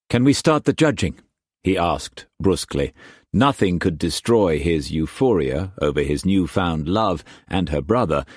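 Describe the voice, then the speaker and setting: Deep voiced guy reading an audiobook, slow and measured, really expressive. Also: breathy edge, no room sound, studio quality. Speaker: audiobook narrator. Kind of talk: audiobook narration.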